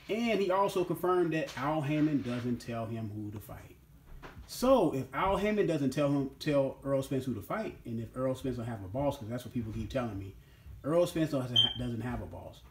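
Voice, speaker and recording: A man's voice: mid-range voice, animated, normal speed. A man hosting a casual boxing opinion monologue, talking emphatically and repeating his points. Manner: emphatic and repetitive, keeps asking "you know what I'm saying". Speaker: boxing commentary host. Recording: roomy echo.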